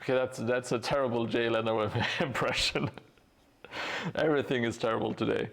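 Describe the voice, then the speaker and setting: Man, live-stream chat, gravelly voice, monotone, rambling, self-mocking. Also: medium pitch, normal speed. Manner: rambling, self-mocking, many fillers and restarts. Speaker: streamer building a tabletop terrain board. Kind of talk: casual live-stream chat while painting. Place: hobby workspace at home.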